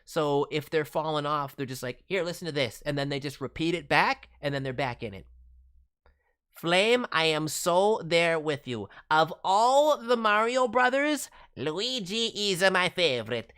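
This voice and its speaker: Voice actor guy on stream, lively up and down voice, chatty and encouraging, lots of ums. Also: fairly high pitch, clear, resonant tone. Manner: chatty and encouraging, many fillers and quick asides. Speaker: voice actor and stream host reviewing demos. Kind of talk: casual livestream advice.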